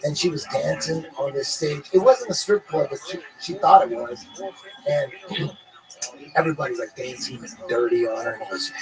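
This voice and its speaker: A man's voice: medium pitch, normal speed, darkish tone, soft background music, low-quality recording. A man guest on a podcast, telling a rambling, profane story in a laid-back, casual way.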